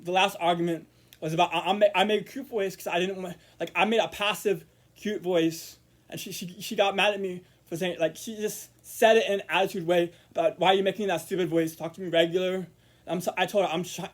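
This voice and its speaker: A high-pitched man vlogs to the camera in a casual monologue. He rambles, repeats words, restarts sentences and murmurs quiet asides.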